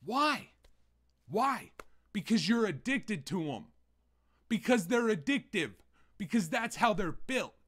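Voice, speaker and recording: A man's voice: high voice, very animated, slow pace, pauses often, a bit bright, husky. A young man hosting a gaming channel, delivering a heated, profanity-laden rant with lots of repetition. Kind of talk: angry rant to camera.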